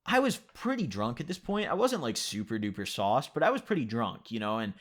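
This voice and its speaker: A man's voice: mid-range voice, sing-song, brisk. Young male vlogger, casual profane storyteller, filler-heavy, at a desk mic. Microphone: computer mic at a desk.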